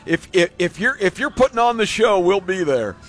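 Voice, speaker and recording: A man's voice: sits high, animated, moderate pace, fairly bright tone, soft background music. A man co-hosting a talk radio show, speaking casually and repeating words as he hesitates.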